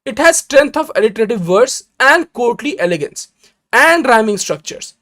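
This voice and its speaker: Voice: mid-range voice, big pitch swings, fairly bright tone. Teacher giving a live lecture. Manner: explains step by step, checks in with "right?"; reads verse lines slowly and deliberately. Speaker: exam-prep literature teacher.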